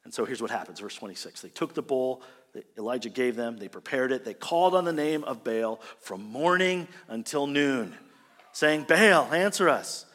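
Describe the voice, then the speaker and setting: A man preaching a sermon as a pastor, animated and conversational, often checking in with his listeners. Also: medium pitch, moderate pace, long reverb tail. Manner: animated, conversational, asks the congregation "right?".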